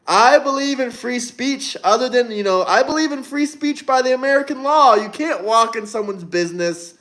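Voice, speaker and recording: A man's voice: very high-pitched, animated, moderate pace, a bit bright. A young man hosting a casual livestream, reading viewer comments and answering them bluntly, with plenty of swearing and rambling. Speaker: livestream host.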